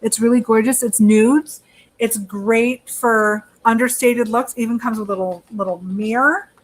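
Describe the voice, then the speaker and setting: Chatty woman with a higher voice. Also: fairly even intonation, measured pace. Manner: chatty, laughs often, swears freely. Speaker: beauty channel co-host. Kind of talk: casual chat product review.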